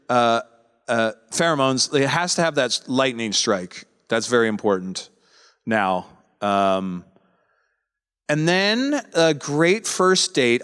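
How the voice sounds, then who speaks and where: A man's voice: mid-range voice, a bit bright, smooth, in a large hall. A man at a convention panel, joking and chatting with fans in a playful, talkative way. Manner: chatty, playful, jokey asides. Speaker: convention panel guest actor. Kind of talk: casual joking Q&A.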